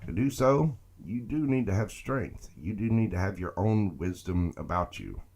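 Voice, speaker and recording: Male live-stream tarot reader, lowish voice, animated delivery, chatty with his viewers. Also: moderate pace, vocal fry, husky. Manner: chatty, greets viewers by name, playful.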